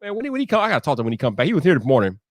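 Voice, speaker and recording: A man hosting a casual live stream, talking in an animated way, repeating himself and ranting loudly when annoyed. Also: on the high side, rapid-fire, dry recording, clean studio sound.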